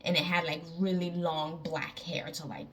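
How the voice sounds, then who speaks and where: A woman's voice: sits low, flat delivery, moderate pace, fairly bright tone, distant mic, slight background noise. Rambling woman telling a scary dream. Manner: rambling, filler-heavy, lots of "like". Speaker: artist telling a dream story. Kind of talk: casual storytelling.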